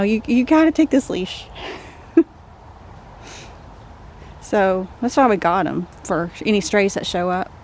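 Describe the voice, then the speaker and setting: A Texan woman with a somewhat high-pitched voice talks casually into a phone outdoors. She coaxes dogs softly and chats easily to her viewers. Faint outdoor noise sits behind her. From Texas. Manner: soothing and coaxing with the dogs, chatty and relieved to camera. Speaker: vlogger. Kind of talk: casual vlog narration. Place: outdoors in heat on rural property.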